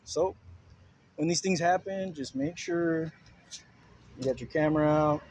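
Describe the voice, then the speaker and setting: A man's voice: fairly high pitch, fairly bright tone, poor audio. A man ranting to his phone camera at a bus stop, laughing and saying "bro" constantly. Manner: laughing, slangy, repeats "bro". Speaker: vlogger filming a street confrontation. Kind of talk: casual profane rant to camera. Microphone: handheld phone. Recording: faint outdoor street noise. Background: street and traffic ambience.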